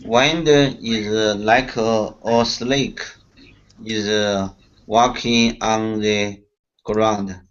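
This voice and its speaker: A man learning English, answering in halting phrases while searching for words. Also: lowish voice, fairly even intonation, muffled recording. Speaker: student.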